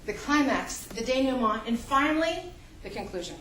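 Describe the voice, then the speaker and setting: Female college lecturer, high and animated, acts out reader reactions, recorded from afar in a reverberant classroom. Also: moderate pace, slight background noise. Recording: echoey classroom, mic far off.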